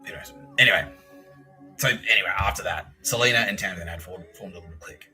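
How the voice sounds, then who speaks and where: A man's voice: low voice, fast, sharp tone, soft background music, low-quality recording. A man with an Australian accent hosting a solo podcast, telling a long profane story in a rambling way and mimicking people he quotes. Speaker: podcast host.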